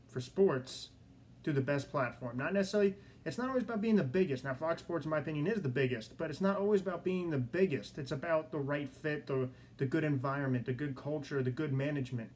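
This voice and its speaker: A young man hosting his own sports podcast in a studio, talking excitedly and repeating himself as he tells a story. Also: medium pitch, slight background noise. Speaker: podcast host. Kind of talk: solo podcast monologue.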